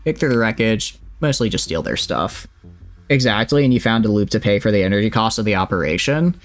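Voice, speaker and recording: A man with a Southern accent livestreams a space game, chatting, joking, and reading the game's text aloud. His fairly low voice is expressive and brisk, with soft background music.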